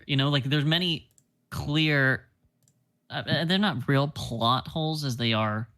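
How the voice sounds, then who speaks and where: Dude on a movie podcast, relaxed, lots of likes and ums, mid voice. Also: male voice, medium pitch, unhurried. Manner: casual, loose, lots of filler, gripes freely. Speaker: podcast co-host film critic. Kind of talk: casual film review chat.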